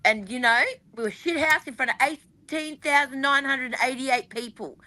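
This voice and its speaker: A woman co-hosting a fan podcast with a high, bright and sharp-edged voice. She talks in a rambling, animated way, full of fillers and asides. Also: moderate pace. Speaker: podcast co-host. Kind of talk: casual fan panel chat.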